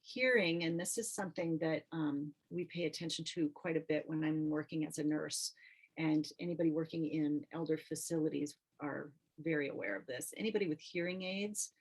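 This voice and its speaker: A middle-aged woman with a low voice leads an online art workshop over a video call. She talks in a relaxed, conversational way, pausing on fillers and restarting her sentences. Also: poor audio. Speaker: teaching artist and nurse. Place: home or studio, video call. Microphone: computer mic on video call.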